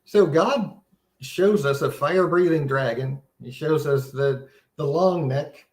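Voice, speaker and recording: A man's voice: a little high, takes it slowly, a little mellow, reverberant. A man giving a casual, earnest Bible seminar talk, teaching conversationally with many restarts and a sense of wonder. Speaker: seminar presenter.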